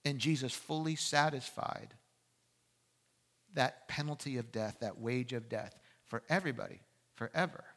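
A man preaching a sermon, telling his story with animated voices and direct questions to the listeners. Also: mid-range voice, normal speed. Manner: animated storytelling, acting out voices in a courtroom scene. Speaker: pastor.

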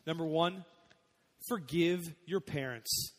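A young male pastor delivers a sermon in a chatty, personal way, his slightly high voice dropping quiet and then swelling on key points. The sound carries a long reverb, like a large church sanctuary. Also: slow pace. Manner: conversational preaching, swings between soft and emphatic.

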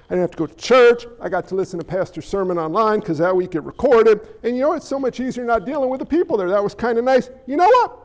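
A man voicing a grumbling churchgoer who mutters excuses for staying home from church, in a lower, quieter and quicker voice than his own. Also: expressive, big-room sound, dull audio.

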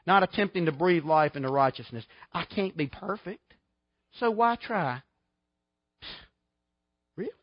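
A middle-aged man preaches a sermon, folksy and emphatic, firing off rhetorical questions. His voice sits a bit high for a man. The sound is dull and muffled, with a dry, close feel. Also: no room sound. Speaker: pastor.

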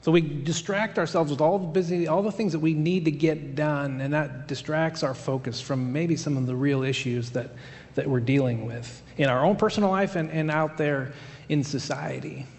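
A man's voice: fairly high pitch, fairly even intonation, moderate pace, gravelly, a little mellow. A male pastor preaching a sermon in a conversational way, with fillers and restarts. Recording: long hall reverb.

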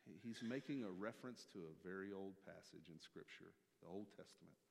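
A man preaching a sermon from a church stage, emphatic, swinging from loud to hushed. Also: sits low, brisk, vocal fry. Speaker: pastor. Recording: long hall reverb.

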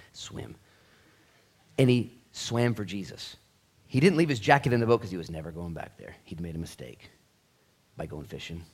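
Lower-voiced pastor preaching animatedly. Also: male voice, husky. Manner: animated storytelling, acts out quotes. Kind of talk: sermon. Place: church.

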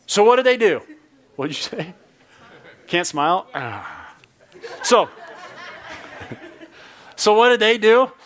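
Male pastor, high voice, conversational sermon with lots of humor. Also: sing-song, slow, pauses often. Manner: playful, joking, conversational preaching.

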